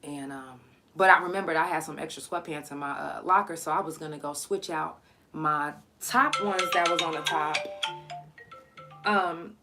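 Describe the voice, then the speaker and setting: A woman from Oklahoma hosts a live storytime podcast, with a slightly low voice. She tells a personal story in a loose, rambling way, full of fillers, restarts and swearing. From Oklahoma, USA. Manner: loose, profane, halting storytelling with many ums; sharp, irritated scolding at callers. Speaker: podcast host.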